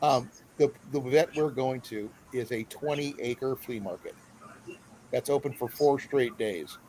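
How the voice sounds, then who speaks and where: Man host, rambling and friendly, mid-pitched, faint background hiss. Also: a little slow, a little mellow, rough recording. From Iowa. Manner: rambling, friendly, full of fillers. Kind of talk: casual live-stream chat.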